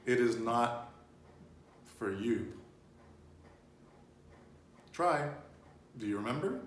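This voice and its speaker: A man's voice: mid-range voice, lively intonation, extremely slow. A man teaching a casual Spanish lesson, patiently prompting his learner and repeating her answers. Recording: roomy, distant mic with faint noise.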